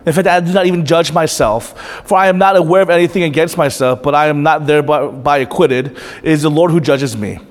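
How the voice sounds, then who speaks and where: A pastor giving a conversational sermon, moving between lively asides and quiet, intense passages. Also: male voice, a little high, a little fast, hardly any pauses. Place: church hall. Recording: long reverb of a hall.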